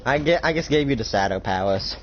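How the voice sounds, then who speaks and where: A young man narrating an improvised roleplay in a rambling, casual way, swearing freely and jumping into quick voices. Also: mid-range voice, animated, highs cut off, a little hiss or hum.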